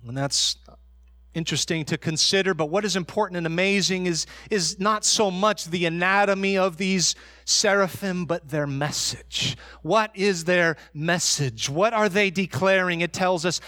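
High-pitched guy pastor preaching, emphatic, dry close mic. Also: pushed and bright, dry recording. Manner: emphatic preaching, slows for stress. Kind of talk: sermon.

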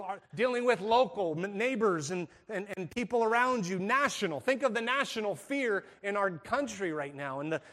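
A man preaching a sermon in a conversational way, asking the congregation rhetorical questions and going soft and hushed in tender moments. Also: high-pitched. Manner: drops to a soft, hushed delivery for tender passages. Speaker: pastor.

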